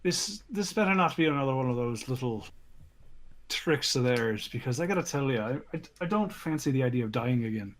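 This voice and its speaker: A man's voice: mid-range voice, lively intonation, a little fast, slight background noise, natural voice. A man voicing a hesitant, stammering male dwarf adventurer in a tabletop game. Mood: worried.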